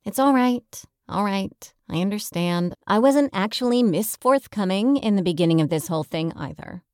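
A woman's voice: mid-range voice, expressive, brisk, darkish tone, dry recording, clean studio sound, natural voice. A woman narrator voicing a brash, fiery young woman singer who talks bluntly and teasingly. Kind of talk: audiobook character voice.

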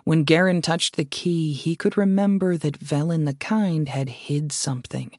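A man reading fantasy fiction aloud as an audiobook narrator, in a measured, steady way. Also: on the high side, no room sound, studio quality.

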